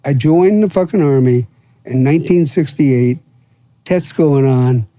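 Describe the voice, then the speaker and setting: A man in his seventies from Florida, appearing as a podcast guest, tells long, rambling stories packed with profanity, filler words, and acted-out quotes. His voice sits in the mid range, with a dark tone and a measured pace.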